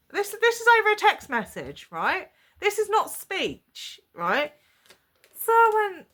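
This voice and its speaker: A woman's voice: sits high, huge pitch swings, a little slow, a bit bright. A woman, chatting to camera and retelling a personal story with lots of quoted dialogue. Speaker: vlogger.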